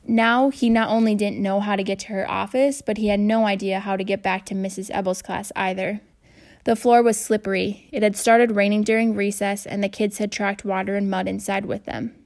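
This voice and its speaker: A woman narrating a children's novel aloud in a steady reading voice. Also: medium pitch. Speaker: audiobook narrator.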